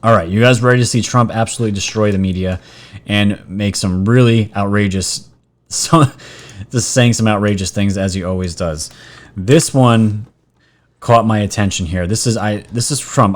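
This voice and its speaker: Chatty low-voiced man hosting a vlog. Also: moderate pace. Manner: chatty, addresses viewers as guys, excitable asides. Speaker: vlog host. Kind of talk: casual commentary vlog.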